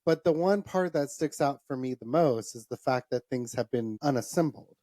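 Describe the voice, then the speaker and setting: Low, mellow-voiced woman giving advice. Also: normal speed, no room sound, studio quality. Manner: reflective, interprets dreams, gives encouragement. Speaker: podcast co-host. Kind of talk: casual podcast chat.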